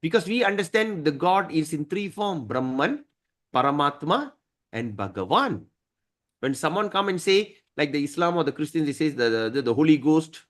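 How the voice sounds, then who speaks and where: A man teaching a devotional scripture class, emphatic and often clearing his throat. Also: a little high, sing-song, normal speed, fairly bright tone.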